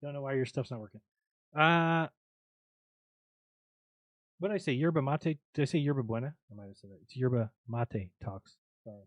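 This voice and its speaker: A man's voice: mid-range voice, moderate pace, pauses often, no echo. A man hosting a live panel show, arguing his points emphatically in casual chat.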